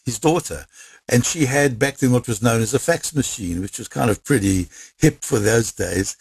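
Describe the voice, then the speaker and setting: A South African man recounts events with energy, voicing the people he quotes as he goes. His voice is husky. The recording is dry and close. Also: medium pitch, no echo. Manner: lively, acts out quoted dialogue. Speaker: interviewee. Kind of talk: animated storytelling.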